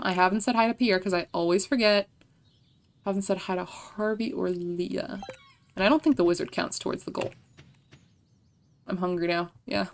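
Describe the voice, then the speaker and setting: A woman's voice: mid-range voice, a little mellow. A young woman livestreaming a farming video game, chatting casually with viewers, laughing and swearing offhandedly. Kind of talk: casual gameplay chat.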